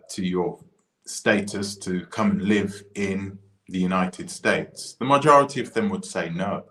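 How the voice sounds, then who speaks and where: Male commentator from the UK, slightly low voice, animated and rambling, echoey room. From United Kingdom. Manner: animated, frequent restarts and asides. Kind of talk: casual opinion monologue. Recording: roomy echo.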